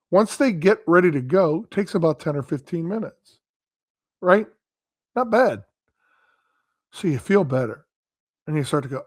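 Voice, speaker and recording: A man's voice: a little high, no room sound, studio quality. A man, a guest expert, telling a long anecdote in a casual conversational way, acting out quoted dialogue and tagging points with "right?". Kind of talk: casual storytelling talk.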